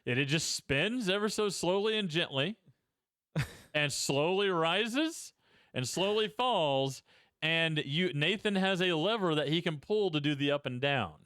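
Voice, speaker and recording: A man with a smooth, resonant voice chats casually as a podcast co-host, often laughing at his own expense. His voice sits a bit high for a man, and the recording is close and dry. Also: expressive, normal speed, hardly any pauses, fairly bright tone, no echo. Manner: laughs often, self-mocking. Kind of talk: casual chat.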